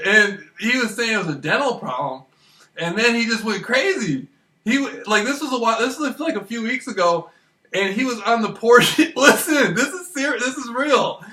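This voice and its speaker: A man with a high, bright voice tells rambling, profane stories in a loose, casual monologue, laughing often as he goes. He sits well back from the mic in an echoey room. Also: animated, moderate pace, recorded from a distance. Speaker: vlogger.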